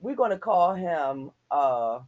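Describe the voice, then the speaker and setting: A woman co-hosting a casual chat, telling an animated story and swearing freely. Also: fairly low pitch, slow. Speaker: podcast co-host.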